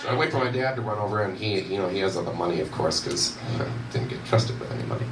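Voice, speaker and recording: A man's voice: sits low, quick pace. A young man telling a rambling, self-deprecating stand-up story at a university comedy night. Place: university event room with audience. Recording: roomy echo, distant mic, audience noise.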